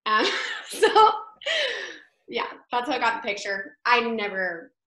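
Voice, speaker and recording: A woman actress telling an anecdote as an interview guest, animated and chatty, laughing often and acting out what others said. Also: a little high, takes it slowly, reverberant, rough recording.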